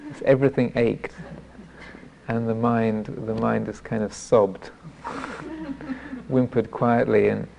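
A man, a Buddhist monk teacher, giving a dharma talk as self-deprecating storytelling, halting with many restarts. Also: medium pitch, sing-song, gravelly, noisy background.

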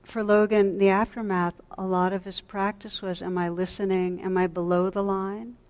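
A woman meditation teacher giving a dharma talk at a retreat, speaking gently and reflectively, often dropping to a soft hush, and pausing to restart her sentences. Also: medium pitch, level tone. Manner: pauses and restarts mid-sentence.

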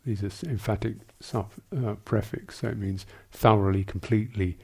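A man, a Buddhist monk teacher, answering questions in a dharma talk, speaking in a halting, thoughtful way with many restarts and small asides. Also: fairly low pitch, fairly even intonation, creaky, a little mellow, husky.

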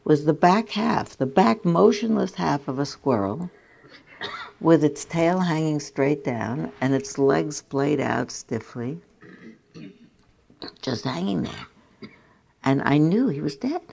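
An older woman giving a dharma talk as a meditation teacher, telling stories in a gentle, reflective way. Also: sits low, lively intonation, slow, creaky, pauses often, slight background noise. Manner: gentle, reflective storytelling with soft laughs.

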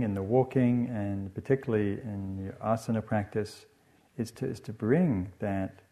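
Mellow meditation teacher. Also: male voice, lowish voice. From northern England. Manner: reflective, unhurried, many "you know" asides. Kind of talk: dharma talk.

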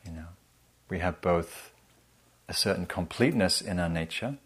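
A man's voice: low-pitched, expressive, moderate pace, breathy edge. A man giving a meditation teaching in a humorous, conversational, self-deprecating way. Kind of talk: dharma talk.

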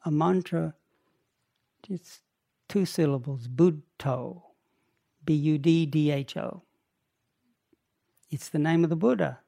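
An older man guiding a meditation retreat talk, speaking gently in short phrases with long pauses. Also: fairly high pitch, gravelly. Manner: slow, gentle, pausing between short phrases. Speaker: meditation teacher.

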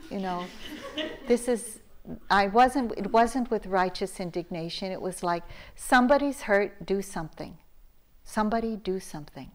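A middle-aged woman leads a dharma talk at a retreat, speaking at an unhurried pace. Her storytelling is conversational, full of small restarts and asides. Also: on the low side, darkish tone. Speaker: meditation teacher. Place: meditation retreat hall.

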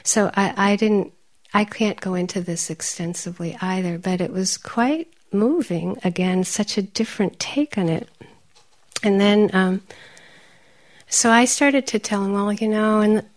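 A meditation teacher gives a dharma talk in a storyteller's manner, growing animated and laughing often, sometimes softening into a quiet, breathy near-whisper. Her voice is medium-pitched and unhurried.

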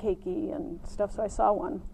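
Gentle woman giving a meditation talk. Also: mid-range voice, fairly even intonation, vocal fry, slight background noise, rough recording. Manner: gentle, unhurried, many ums, laughs at her own stories. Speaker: meditation teacher. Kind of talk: dharma talk. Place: meditation retreat center.

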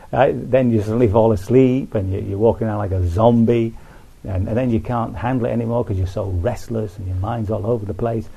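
A man giving an unhurried, folksy meditation talk to a retreat group, full of asides like "you see". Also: lowish voice, creaky, dark tone, husky, poor audio. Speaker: Buddhist meditation teacher. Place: retreat centre.

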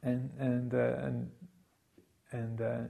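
A man giving a Buddhist dharma talk, telling a story with many ums and restarts. His voice is mellow and a little gravelly, sitting at an ordinary male pitch. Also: level tone. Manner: halting, many fillers and restarts. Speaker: Buddhist monk teacher.

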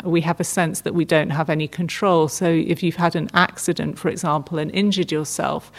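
A middle-aged woman gives a meditation talk in a gentle, unhurried way. Her voice sits a little low for a woman, and she often pauses and restarts mid-phrase. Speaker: meditation teacher. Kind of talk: dharma talk.

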